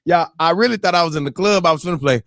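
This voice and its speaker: Guy hosting a morning show, high voice, whoops and does crowd voices, dry close mic. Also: very fast, fairly bright tone, dry recording. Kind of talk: casual storytelling.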